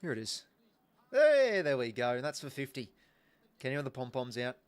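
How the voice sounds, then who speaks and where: A young Australian man streams himself watching football live, keeping things relaxed and chatty with frequent small restarts as he thanks people watching. He speaks quickly and smoothly at a normal middle pitch.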